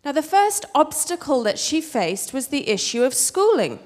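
A woman with an English accent telling a personal story on stage in a wry, expressive way. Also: sits high, normal speed, long reverb tail. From England. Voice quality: wry, expressive, switches between posh and street voices.

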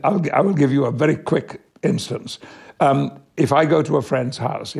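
An older man from Yorkshire, an actor being interviewed, telling stories in a measured way with small restarts. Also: mid-range voice, gravelly, darkish tone, slightly rough. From Yorkshire, England. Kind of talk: anecdotal interview answers.

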